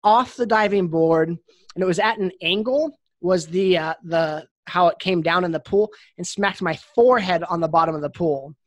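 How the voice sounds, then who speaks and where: A man's voice: high-pitched, normal speed, no echo. Casting: male podcast host, easygoing, close dry recording. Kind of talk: casual interview chat.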